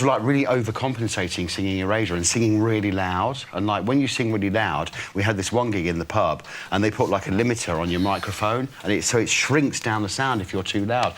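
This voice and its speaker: Man in his forties, lowish voice, talk-show guest; loose, rambling chat full of laughs. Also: slight background noise. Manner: chatty and rambling, laughs often. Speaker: studio guest. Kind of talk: casual chat.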